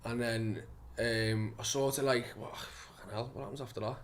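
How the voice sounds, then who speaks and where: A man in his thirties with a Liverpool accent, telling stories as a guest in a casual podcast chat, excitable and full of swearing and laughter. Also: mid-range voice. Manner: fast, excitable storyteller, swears a lot, lots of laughter. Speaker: guest actor.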